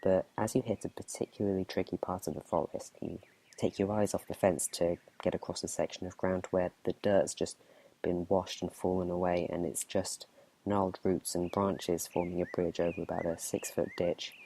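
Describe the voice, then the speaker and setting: A man running a tabletop game as game master, narrating in a relaxed, chatty whispered role-play. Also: deep voice, moderate pace, gravelly.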